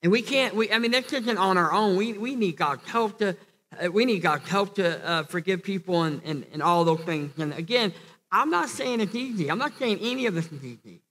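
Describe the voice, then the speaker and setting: Earnest high-voiced pastor in a reverberant church. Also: male voice, animated, fairly quick, bright, forceful tone, slight background noise. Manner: earnest, repeats and restarts phrases, rises to emphatic peaks. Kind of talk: sermon. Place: church hall. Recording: long church hall reverb.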